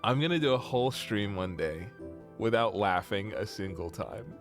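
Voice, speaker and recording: A man's voice: lowish voice, animated, moderate pace, faint music behind. A young man chatting casually on a live stream while he plays, rambling and breaking into giggles. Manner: giggly, keeps breaking into laughter; rambling, self-interrupting. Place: home room.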